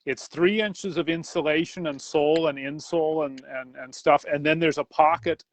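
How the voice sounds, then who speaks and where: A man co-hosting a podcast, explaining plainly in casual chat with some halting. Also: on the high side, steady tone. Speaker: podcast co-host.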